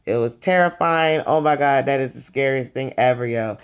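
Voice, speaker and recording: A mid-pitched vlogger recaps reality TV episodes in a loose, gossipy style. The delivery is sassy and conversational, full of asides to the viewers as "you guys" and "honey." The voice leaps up with excitement, then drops low for side comments. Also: normal speed, clear, resonant tone. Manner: lively, swings between excited highs and low asides.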